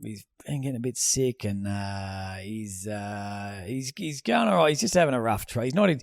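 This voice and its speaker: A man's voice: on the low side, animated, moderate pace, vocal fry, no room sound, clean studio sound. Laid-back swearing man. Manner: swears freely, rambling with restarts. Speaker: podcast co-host. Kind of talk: casual chat.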